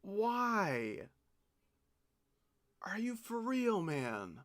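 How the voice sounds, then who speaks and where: A man's voice: high voice, sing-song, drawn-out words, fairly bright tone. A man streaming a game, talking in exasperated, incredulous bursts and swearing as he breaks down a failed attempt. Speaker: gaming streamer. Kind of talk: frustrated live gameplay commentary.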